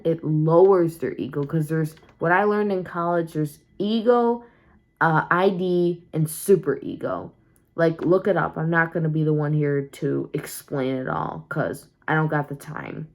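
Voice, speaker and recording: A woman's voice: low voice, steady tone, a little slow, darkish tone. A tired young woman vlogging casually from home at night, rambling candidly with many fillers and restarts. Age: young adult. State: tired and sleepy. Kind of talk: casual confessional vlog.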